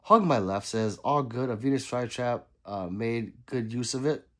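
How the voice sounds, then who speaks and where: A middle-aged man hosts a relaxed livestream, reading comments from the chat and answering them one by one. His voice swings up and down in pitch, and a dry, sarcastic humor runs under it. He sounds a little run down from being sick. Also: moderate pace. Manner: reads viewer comments aloud, laughs, sarcastic asides.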